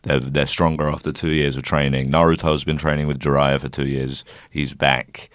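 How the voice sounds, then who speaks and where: A young man co-hosting a banter podcast with an extremely deep voice. He rambles through jokey tangents and laughs easily. The sound is dry and close to the mic. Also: little pitch movement, normal speed, no echo. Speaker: podcast co-host.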